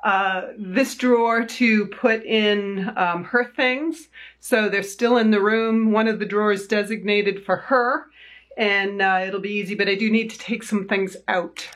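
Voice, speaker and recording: A woman's voice: mid-range voice, steady tone, normal speed, a bit bright. A woman with a Boston accent chatting casually at home in a vlog, thinking aloud while she sorts through a room. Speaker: vlogger.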